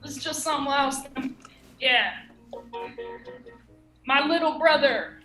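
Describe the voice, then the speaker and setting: A woman's voice: high voice, slow, a bit bright, roomy sound, soft background music, poor audio. A woman in her thirties from Ohio doing a rambling, self-mocking open mic stand-up set, laughing at her own jokes. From Ohio, USA. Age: 30s. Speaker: stand-up comic.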